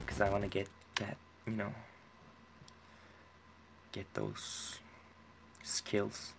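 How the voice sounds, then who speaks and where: Young man, low voice, swearing gamer commentary, keyboard clicks behind. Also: very slow, gravelly, noisy background. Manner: profane, excitable, talks to himself. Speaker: let's play gamer. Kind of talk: casual gameplay commentary.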